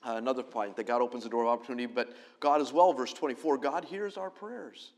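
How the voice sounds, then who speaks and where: A middle-aged pastor delivers a sermon in an easy, conversational way. His voice rises into loud, emphatic lines and then falls back to quiet, close-spoken stretches. He sits at an ordinary middle pitch for a man. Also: fast talker.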